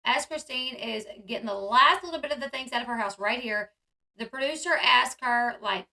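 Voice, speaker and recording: A woman's voice: fairly high pitch, moderate pace, pushed and bright. A woman vlogger giving casual, chatty commentary, full of "like" and "um" fillers. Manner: chatty, filler-heavy with frequent "like" and "um". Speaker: vlogger reacting to a reality show.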